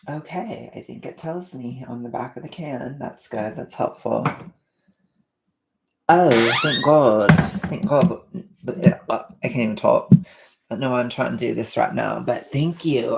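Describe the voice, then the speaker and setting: A woman's voice: extremely low pitch, vocal fry, warm tone, echoey room, slight background noise, poor audio. A woman casually chatting on a livestream while cooking at home, rambling and self-deprecating. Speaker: livestreaming vlogger. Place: home kitchen.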